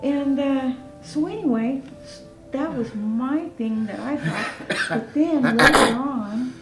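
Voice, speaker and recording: An older woman hosting a casual chat, telling stories in an animated way and acting out quotes. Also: high-pitched, slow. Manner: animated storyteller, acts out quotes. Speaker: host. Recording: echoey room with music behind.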